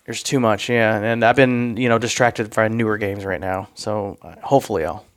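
A man's voice: lowish voice, fairly even intonation, moderate pace, no room sound, clean studio sound. A man co-hosting a casual gaming podcast, easygoing and agreeable. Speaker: podcast co-host. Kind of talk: casual chat.

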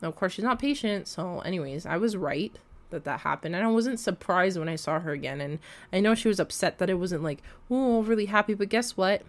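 A woman's voice: lowish voice, a little fast. Exasperated young woman ranting casually. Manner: animated, exasperated, swears freely, many likes and fillers. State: recovering from a cold. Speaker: vlogger. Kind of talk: casual storytime rant.

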